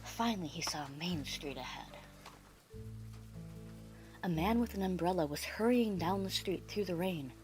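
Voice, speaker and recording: A woman narrating a children's storybook in an expressive, dramatic reading style, with music underneath. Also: on the low side, a little slow, long pauses.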